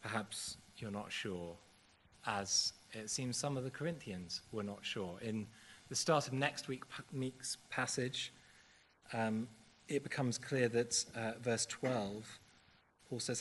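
A man preaching a sermon in a church service, earnest and measured, with occasional fillers. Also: medium pitch, fairly bright tone, slight background noise.

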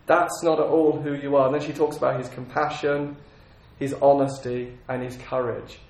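A man's voice: medium pitch, steady tone, moderate pace, darkish tone, reverberant. A man giving an earnest sermon, acting out prayers and God's replies as he teaches. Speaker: preacher.

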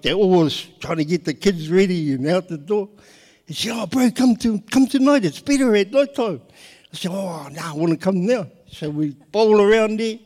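A middle-aged man, telling a personal story in a lively way and laughing often. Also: high voice, big-room sound. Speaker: guest sharing his testimony.

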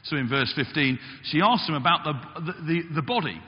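Animated male preacher in a reverberant church. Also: fairly quick. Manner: animated, acts out quotes with big pitch jumps. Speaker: pastor. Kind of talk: sermon. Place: church hall. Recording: dull sound with long reverb in a church.

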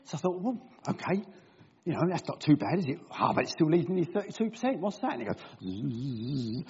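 After reading a Bible passage, an older man at a gathering gives a comic talk, poking fun at himself through anecdotes and voices. His voice is a little high, sing-song and darkish with a breathy edge, at a moderate pace, and the recording is dull and lo-fi.

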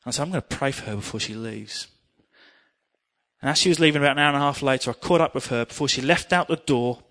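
A middle-aged man preaching a sermon, telling personal stories in an earnest, animated way. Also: mid-range voice, quick pace.

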